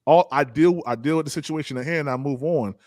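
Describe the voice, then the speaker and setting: A man hosting a podcast, talking casually and a little haltingly, repeating words as he goes. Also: fairly high pitch, no room sound, studio quality. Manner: relaxed, repeats words, laughs easily. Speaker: podcast host. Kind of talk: casual live-stream chat.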